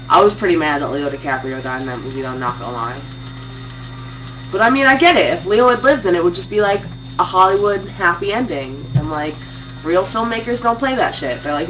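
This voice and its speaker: Animated young woman telling crude stories. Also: on the low side, fairly quick, far from the mic, slight background noise, low-quality recording. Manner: animated, crude and teasing storyteller. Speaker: streamer's sister. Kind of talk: casual chat.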